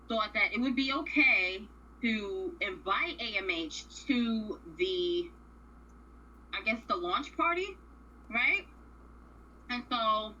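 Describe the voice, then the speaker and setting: A woman's voice: medium pitch, pushed and bright, highs cut off, a little hiss or hum. A woman co-hosting a radio show, casually recapping a reality series in a blunt, profane, opinionated way.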